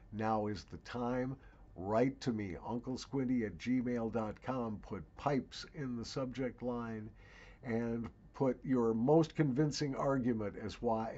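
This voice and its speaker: A man's voice: medium pitch, darkish tone, highs cut off, slight background noise. A middle-aged man hosting his own channel from his basement, announcing a giveaway in a chatty, wry way with emphatic asides. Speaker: channel host. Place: home basement.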